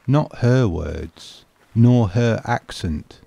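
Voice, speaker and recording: A man narrating a personal memory in a slow, measured, wistful way for a home renovation vlog. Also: mid-range voice, expressive, creaky, warm tone, husky.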